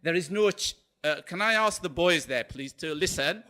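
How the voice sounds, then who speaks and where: A man's voice: on the high side, animated, moderate pace, bright, forceful tone. A man giving a Friday sermon as a preacher, telling a story animatedly and often checking in with "okay?".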